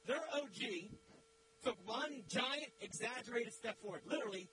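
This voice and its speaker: A man with a high voice preaches a sermon in church, telling a story with dramatic, swelling emphasis. A loud, steady hum runs under the recording. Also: normal speed. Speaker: guest preacher.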